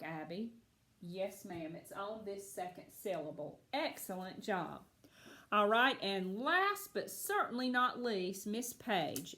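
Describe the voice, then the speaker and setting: A woman's voice: mid-range voice, echoey room. A woman teaching a phonics lesson to children, patiently and encouragingly. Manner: slow, patient, encouraging, answers for absent pupils.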